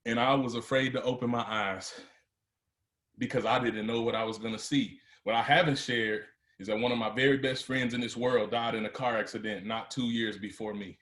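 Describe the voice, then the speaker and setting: A man's voice: mid-range voice, fairly even intonation, a little fast, fairly bright tone, reverberant. A man giving a motivational speech to a live audience, telling his story and building to emphatic, rising peaks. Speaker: motivational speaker.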